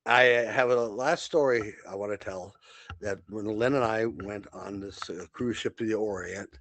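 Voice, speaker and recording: An older man, a comedian and podcast host, telling stories in a casual, animated way, repeating words and acting out voices. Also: fairly low pitch, moderate pace, no echo. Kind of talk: casual storytelling.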